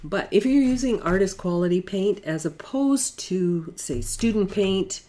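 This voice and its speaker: A middle-aged woman giving a casual watercolor painting demonstration in her studio, talking in a relaxed, chatty way with fillers. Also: mid-range voice, measured pace. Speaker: watercolor art instructor.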